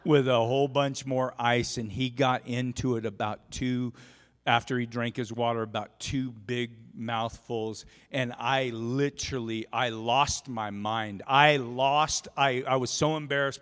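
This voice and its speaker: Animated pastor preaching in a reverberant church. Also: male voice, medium pitch. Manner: animated, shouts in storytelling peaks. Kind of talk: sermon with storytelling. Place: church sanctuary.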